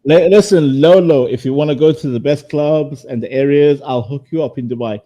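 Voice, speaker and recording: A man's voice: on the high side, fairly quick, dark tone. A man in his thirties from Somalia, chatting casually on a livestream panel and repeating words when flustered. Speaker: panel guest.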